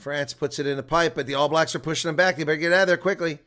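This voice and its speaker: A man giving live rugby play-by-play commentary, moving from relaxed asides to excited calls. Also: fairly high pitch, very fast. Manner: swings from quiet asides to loud excited calls; chuckles and chats with viewers between plays.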